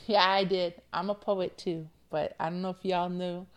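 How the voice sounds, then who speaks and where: A woman's voice: on the low side, moderate pace, clean tone. A woman hosting a motivational podcast, playful and affectionate, coaxing her listeners with repeated check-ins. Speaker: podcast host.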